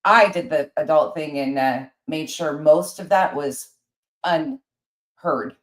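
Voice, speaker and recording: A woman's voice: sits low, slow pace, reverberant, low-quality recording. A woman giving sarcastic, scolding commentary over another creator's livestream. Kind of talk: critical commentary over a stream.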